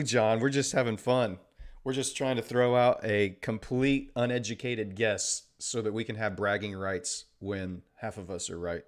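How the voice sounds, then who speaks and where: A man's voice: on the low side, fairly even intonation, moderate pace. A man hosting a trading livestream, chatting casually and sarcastically with viewers and reading out their comments. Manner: joking, sarcastic, reads chat aloud. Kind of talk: casual live-stream chat with viewers.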